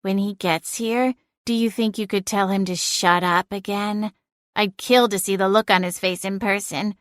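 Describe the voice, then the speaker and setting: A woman's voice: mid-range voice, fairly even intonation, moderate pace, no echo, natural voice. A woman voicing a sardonic female talking cat familiar with a dry, teasing, unbothered manner.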